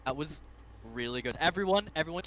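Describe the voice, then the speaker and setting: A man's voice: fairly high pitch, animated, quick pace, fairly bright tone. A man running a tabletop game as game master, chatting loosely and swearing freely. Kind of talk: casual game-table chat.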